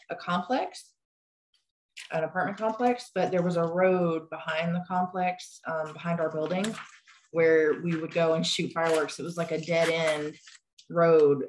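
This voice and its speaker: A young woman telling a story on a casual podcast in a dry, deadpan way. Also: on the low side, a little hiss or hum, poor audio. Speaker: podcast co-host, the host's daughter. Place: home, over a video call.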